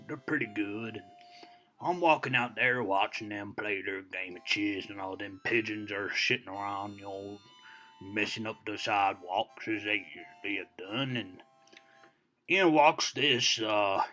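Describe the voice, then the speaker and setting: An ancient, boastful old-timer voiced by a man spins a rambling yarn, wandering off into digressions and padding every phrase with "you know." His voice sits a little low yet rings very bright and forceful, with faint music behind him. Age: over 60. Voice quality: folksy drawl full of "you know" fillers. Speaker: storyteller. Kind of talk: comedic character monologue.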